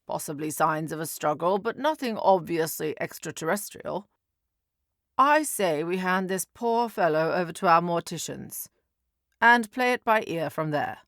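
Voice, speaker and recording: A composed, courteous male agent with a fairly low voice, as a woman narrator puts him on. He speaks in a measured, polite way, in a dry close recording for an audio story. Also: lively intonation, no echo.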